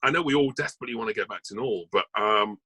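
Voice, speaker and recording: A man's voice: lowish voice, rapid-fire, bright, forceful tone, slightly rough, no room sound, low-quality recording. A man, an actor and voice artist, chatting as an interview guest and rambling through his news with many asides. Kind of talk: casual interview chat.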